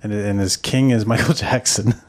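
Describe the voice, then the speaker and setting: A man's voice: moderate pace, a little hiss or hum. A man co-hosting a casual podcast, trading dry, wry asides in loose chat. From Akwesasne. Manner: dry, wry asides with lively pitch swings. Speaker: podcast co-host.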